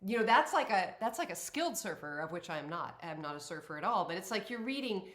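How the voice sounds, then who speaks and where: A woman's voice: medium pitch, fast. Affirming woman host in an echoey room. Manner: warm, affirming, animated when acting out inner voices. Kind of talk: conversational interview.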